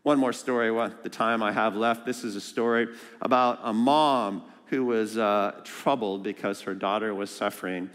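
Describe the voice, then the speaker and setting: Lively man preaching in a reverberant hall. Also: fairly low pitch, normal speed, few pauses. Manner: lively, joking, asks the congregation questions. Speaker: guest preacher. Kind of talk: sermon. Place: church sanctuary.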